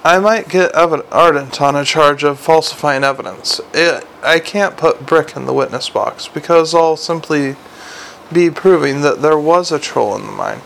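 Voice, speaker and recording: A man reading a storybook and voicing a blunt, exasperated middle-aged watch commander who bursts into shouting. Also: a little high, moderate pace, vocal fry, a little hiss or hum, rough recording. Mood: weary, brooding. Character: gruff harried middle-aged male city watch commander.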